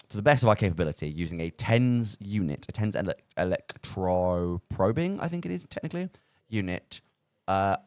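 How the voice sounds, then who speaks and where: A man's voice: fairly low pitch, darkish tone, dry recording. A man hosting a live charity radio stream, rambling and self-mocking with lots of fillers, talking into a studio microphone in a small studio. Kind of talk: casual live radio chat.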